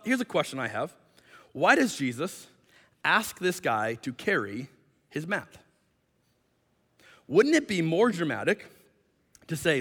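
A man preaching a sermon as pastor, animated, acting out the voices of the people in his story. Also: sits high. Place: church hall. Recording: long hall reverb.

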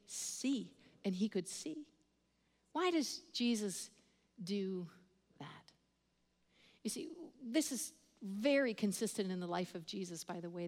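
A woman's voice: medium pitch, a little mellow. A woman preaching a sermon, telling stories with laughs and quoted voices and building to emphatic points. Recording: long hall reverb.

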